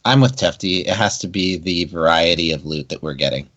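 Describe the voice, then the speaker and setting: A man's voice: sits low, fairly quick, a bit bright, muffled recording. A man co-hosting a casual gaming podcast who rambles and restarts his sentences often. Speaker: podcast co-host.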